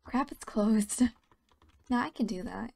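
Sleepy, whispery woman with a gravelly voice. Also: on the high side, unhurried, a little mellow, a little hiss or hum. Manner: drowsy, often half-whispering, mumbling to herself. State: sleepy and tired. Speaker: gaming channel host. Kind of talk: casual gameplay commentary.

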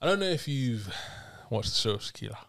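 A man hosting a casual film review podcast, teasing his guest and explaining things in a relaxed way. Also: mid-range voice, a little fast, creaky. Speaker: podcast host. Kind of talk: casual chat.

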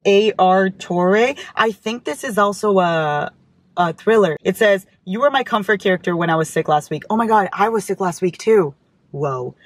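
A woman's voice: medium pitch, no room sound. A woman hosting a casual book haul vlog, who talks in a gushing, affectionate way, reads fan notes aloud and swears casually. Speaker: book vlogger.

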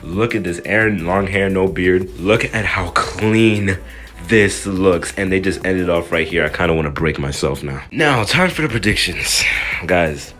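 A young man giving excited, slangy anime reaction commentary, joking and breaking into yells. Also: deep voice, measured pace, soft background music. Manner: hyped, slangy, jokey, bursts into yells. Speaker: anime youtuber.

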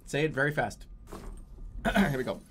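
A man streaming a game with casual commentary, breaking into loud outbursts, laughter and swearing. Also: a little high, big pitch swings, moderate pace, slight background noise.

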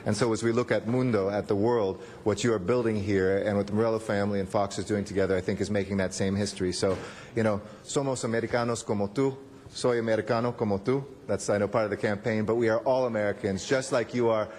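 A man's voice: on the low side, steady tone, quick pace, darkish tone, in a large hall, a little hiss or hum. A man giving upbeat, joking congratulatory remarks at a council meeting, with Spanish phrases mixed in. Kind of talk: public speech at a council meeting. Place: city council chamber.

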